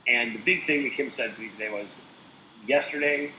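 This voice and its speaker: Man, co-host, loose and rambling, bright, roomy. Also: mid-range voice, fairly quick, slight background noise. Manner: rambling, full of "like" and "uh". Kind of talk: casual chat.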